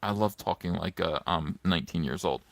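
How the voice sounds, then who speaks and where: Low-pitched and gravelly, this middle-aged man talks fairly quickly in a casual commentary vlog about comics, mocking and sarcastic, rambling and full of fillers. A phone on a stand captures him with no echo.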